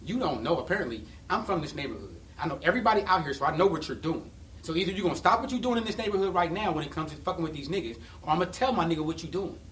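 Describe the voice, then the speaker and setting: A man tells stories in a high, fast voice and gets loud and animated as he goes. He sits away from the mic in an echoey room, with faint ambience behind him. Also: distant mic, slight background noise. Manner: animated, laughs and shouts while telling stories. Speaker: podcast guest. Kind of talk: casual storytelling.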